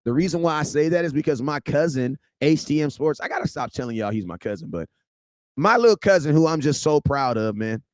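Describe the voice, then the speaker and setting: A man hosting a sports vlog, ranting casually in a slangy, joking, animated way. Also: fairly high pitch, a little fast, dry recording, studio quality. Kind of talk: casual unscripted rant.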